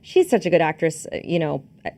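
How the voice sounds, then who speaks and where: A woman's voice: deep voice, lively intonation, fast talker, dark tone. A woman co-hosting a podcast, recapping a film in casual chat and acting out its scenes. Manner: chatty, acts out scenes and quotes, many fillers and restarts. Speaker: podcast co-host. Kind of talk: casual movie review chat.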